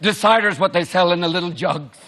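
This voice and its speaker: A man from the United States doing a stand-up comedy set on stage, animated, shouting out impressions of politicians. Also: high-pitched, a little fast. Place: large theatre before a live audience. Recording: loud crowd laughter and noise.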